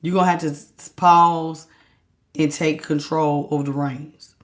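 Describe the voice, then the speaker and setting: A woman giving a tarot reading to her viewers, talking in an animated, emphatic and casual slangy way. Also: low-pitched, unhurried. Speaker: tarot reader. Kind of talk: direct-to-camera tarot reading.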